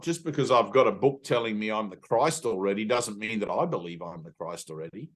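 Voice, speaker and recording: A man's voice: on the low side, fairly quick, fairly bright tone. A middle-aged man giving an earnest spiritual teaching talk, emphatic, swearing casually, and often checking in with "right?". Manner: frequent "right?" tag questions.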